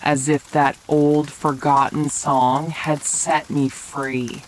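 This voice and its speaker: Low-voiced woman narrator, whispered role-play, slow and gentle for sleep. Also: little pitch movement, slight background noise, rough recording. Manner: slow, soft bedtime narration. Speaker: storyteller. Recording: faint rain sounds behind.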